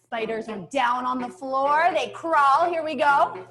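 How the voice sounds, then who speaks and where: A woman's voice: sits high, unhurried, sharp tone. A woman teaching a dance class for children, upbeat and coaxing, sometimes singing her cues. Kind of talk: online kids' dance class instruction. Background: backing music.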